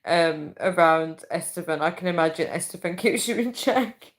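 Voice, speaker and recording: A woman's voice: on the low side, normal speed. A woman hosting a casual live chat, laughing helplessly and out of breath as she talks. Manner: laughing helplessly, squealing through words. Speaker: live-stream host reading viewer comments.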